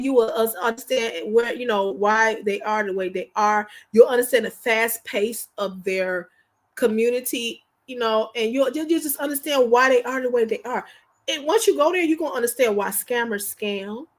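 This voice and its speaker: A woman chatting casually on a livestream, telling animated stories to her viewers in slangy, informal speech. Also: on the high side. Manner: animated, chatty storyteller addressing viewers directly. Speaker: livestream host.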